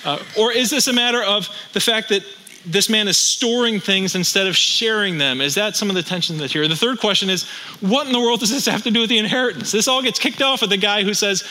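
A male pastor delivers a sermon in a bright, ringing voice that sits slightly high for a man. He moves between plain teaching and wry humor, stacking rhetorical questions to keep listeners with him. He sounds like he is in his thirties. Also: fairly quick, low-quality recording.

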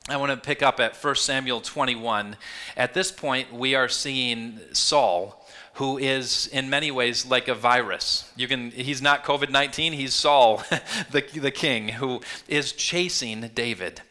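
Bright-voiced male pastor preaching. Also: mid-range voice, a little slow. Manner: earnest, animated storytelling with quoted voices. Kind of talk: sermon.

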